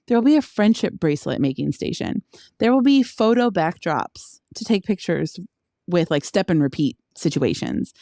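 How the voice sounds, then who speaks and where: A young woman co-hosting a casual podcast, animated and laughing often as she chats. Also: medium pitch, gravelly, dry recording, studio quality. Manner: excitable, laughs a lot, animated disbelief. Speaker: podcast co-host. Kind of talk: casual chat.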